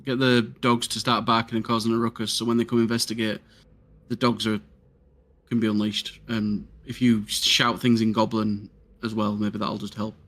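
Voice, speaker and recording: Flat-voiced easygoing man at a game table. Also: lowish voice, moderate pace. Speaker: player. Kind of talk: casual chat in a tabletop game.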